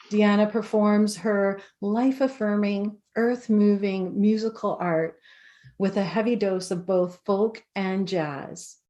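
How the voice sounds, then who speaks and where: Mellow woman leading a calm prayer. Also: mid-range voice. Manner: calm, affirming prayer cadence. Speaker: spiritual director. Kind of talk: opening prayer and guest introduction. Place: spiritual community service.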